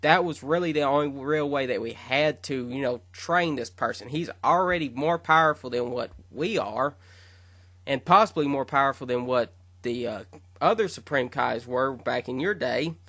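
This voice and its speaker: A man doing an earnest young god who explains himself in a bright, crisp voice. The sound is dry and close to the mic. It carries the feel of a casual storytelling reading. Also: medium pitch, normal speed, no room sound. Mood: explaining. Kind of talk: acted fan fiction storytelling.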